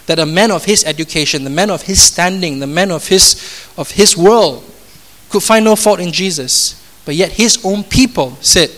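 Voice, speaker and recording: A male pastor with a fairly high voice preaches a sermon. He speaks with emphasis, repeats his phrases and often puts rhetorical questions to the congregation. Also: normal speed, fairly bright tone.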